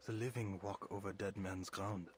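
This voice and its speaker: A man playing an otherworldly spirit with a very deep, grave voice. He makes solemn, measured pronouncements, with faint ambience behind him. He sounds like a figure from a fantasy game. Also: fairly even intonation, slight background noise, natural voice.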